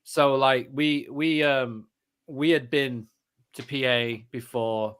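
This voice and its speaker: A man's voice: mid-range voice, steady tone, slow pace, fairly bright tone, clean tone. A man from England, a podcast co-host, telling stories in casual chat with plenty of slang and frequent laughter. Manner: chatty storyteller, slangy, laughs often.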